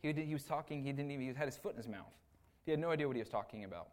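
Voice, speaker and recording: A man's voice: medium pitch, racing. A man, an assistant pastor, giving a conversational sermon with casual asides, often checking in with "right?" and acting out the people he describes. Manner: casual, tags lines with "right?"; animated retelling with acted asides.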